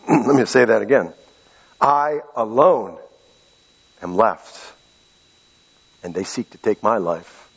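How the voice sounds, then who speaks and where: In a church sanctuary, a pastor preaches a sermon to his congregation, swinging from loud, high exhortation to soft, low tones. The recording is lo-fi with a big-room sound.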